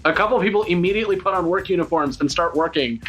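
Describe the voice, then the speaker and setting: A man's voice: high-pitched, very fast, a bit bright, lo-fi sound, soft background music. A man narrating as game master in a casual, joking way with swearing and laughter.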